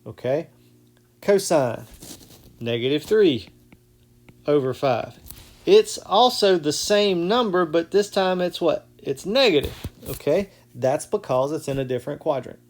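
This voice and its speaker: A man's voice: a little high, lively intonation, unhurried. A male math teacher walking through a casual whiteboard lesson step by step, often checking in with "okay?".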